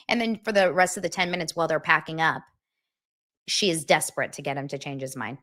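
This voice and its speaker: A woman hosting a pop culture show who recaps reality TV in a blunt, profane, animated style. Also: low-pitched, fast talker. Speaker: pop culture podcast host. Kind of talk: casual gossip recap.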